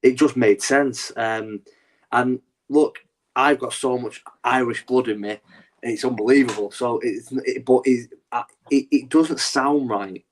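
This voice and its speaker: Animated rambling man on a podcast. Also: mid-range voice, measured pace. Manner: animated, rambling with many restarts and swearing. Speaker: podcast co-host. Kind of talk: casual wrestling chat.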